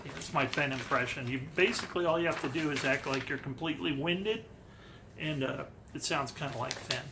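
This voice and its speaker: A man's voice: a little high, a little fast, gravelly, noisy background. A man talking through interview clips in a wry, incredulous way, thinking aloud as he puzzles over what he hears. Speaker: treasure-hunt video commentator. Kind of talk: sarcastic commentary on interview clips.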